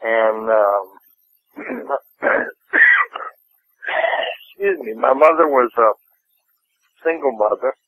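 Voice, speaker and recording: Slow-talking older man. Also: mid-range voice, expressive, a bit bright, dry recording, low-quality recording. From Nashville, Tennessee. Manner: unhurried, rambling storyteller. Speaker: interview guest. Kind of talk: casual interview.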